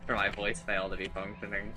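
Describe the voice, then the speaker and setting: A man's voice: lowish voice, flat delivery, fast talker, poor audio. A man streaming live, chatting casually and a bit flustered as he talks with friends over voice chat.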